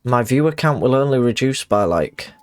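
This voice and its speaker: Rambling self-mocking streamer. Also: male voice, mid-range voice, expressive, moderate pace, dry recording. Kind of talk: casual live-stream chat.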